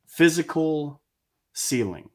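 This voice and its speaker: A man's voice: on the high side, animated, slow, a little mellow. A man co-hosting a sports podcast, exasperated as he reels off stats. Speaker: podcast co-host. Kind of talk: casual sports chat.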